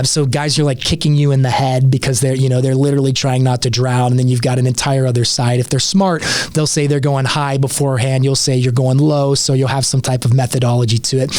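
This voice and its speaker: A man's voice: mid-range voice, a little mellow, no echo. A man telling a vivid story as a podcast guest, speaking earnestly in a casual interview.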